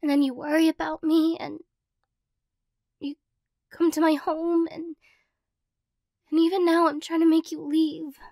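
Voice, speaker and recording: A woman in a whispered role-play as a tearful ex-girlfriend, talking softly and rambling, flustered and emotional. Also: very high-pitched, level tone, a little slow, long pauses, no echo, studio quality. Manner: soft, rambling, self-conscious and emotional. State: teary after crying. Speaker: ASMR role-play performer.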